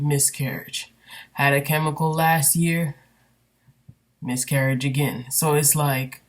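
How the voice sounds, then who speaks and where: A woman candidly venting in a personal vlog, rambling and emotional with many fillers, recorded on a built-in computer microphone. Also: rumbling low. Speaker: vlogger.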